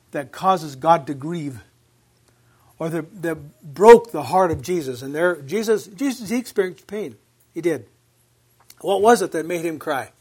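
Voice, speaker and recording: Preaching in a high-pitched voice with a darkish tone and a breathy edge, a pastor reads scripture aloud, asks the congregation questions, and repeats words for emphasis. Now and then he moves off the mic.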